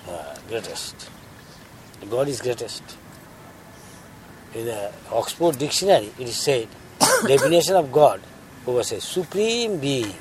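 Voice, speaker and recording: A man's voice: mid-range voice, a little slow, pauses often, a little hiss or hum. A man giving a spiritual talk, telling stories and questioning his listeners. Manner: animated, laughing, questions the audience. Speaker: spiritual teacher. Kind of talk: sermon with storytelling.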